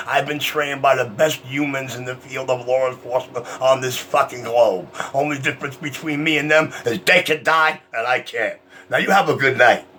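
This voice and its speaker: A man's voice: mid-range voice, fairly bright tone, a little hiss or hum. A man on a CB radio channel, boasting and trading insults in a heated on-air argument. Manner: boastful, profane, combative. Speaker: CB radio operator.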